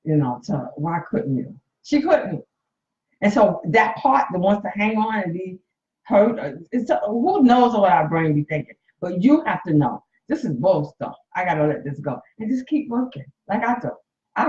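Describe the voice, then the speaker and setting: A woman's voice: fairly low pitch, a little mellow. Woman near sixty, candid and emotional, live-stream chat from phone, roomy dull sound. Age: 50s. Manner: candid and emotional, speaks to viewers directly. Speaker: coach and nurse hosting a live stream. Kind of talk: casual live-stream talk.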